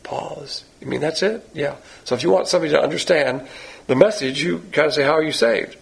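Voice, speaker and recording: A man's voice: fairly high pitch, quick pace, vocal fry, slightly rough. A man teaching a sermon on the Bible in a blunt, folksy, emphatic way.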